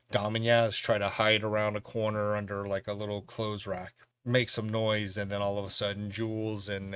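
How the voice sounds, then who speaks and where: A man hosting a podcast, recapping a film's plot in a casual, animated way and laughing now and then. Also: on the low side, no echo. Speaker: podcast host reviewing a film.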